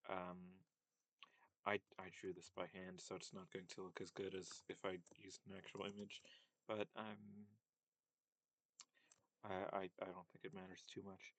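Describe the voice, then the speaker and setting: A man's voice: sits low, completely flat delivery, normal speed, pauses often, a bit bright, no echo. A man giving a casual linguistics lesson, hesitant and full of fillers and self-corrections. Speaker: language teacher.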